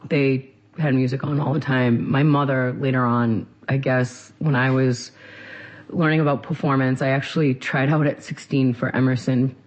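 With a medium pitch and flat delivery, this central Massachusetts singer chats casually in an interview. He speaks in fast, meandering spurts, often starting sentences over.

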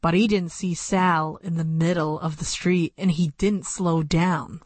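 This audiobook narrator is a woman reading a first-person tale in an unadorned, measured way, right up on a studio microphone. She pitches on the low side with fairly even intonation and a slightly mellow quality, with no room sound.

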